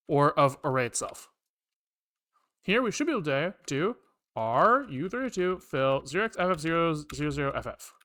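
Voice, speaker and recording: A live-coding streamer talking through code as they type, reading out variables and loops. The pitch jumps around a lot, with plenty of frustrated swearing when things break. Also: pushed and bright. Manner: muttering code aloud, frequent frustrated swearing. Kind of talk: live coding, thinking aloud.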